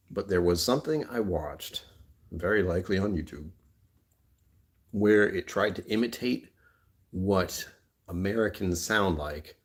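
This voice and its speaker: A man hosting a casual livestream from his phone indoors, rambling, joking and laughing often. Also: deep voice. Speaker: livestream host. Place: indoors on a rainy afternoon.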